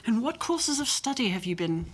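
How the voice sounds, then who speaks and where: A woman's voice: a little high, a little fast, pitched above the performer's own voice. Woman putting on a posh English vampire charmer. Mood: charming. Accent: posh West End English, put on.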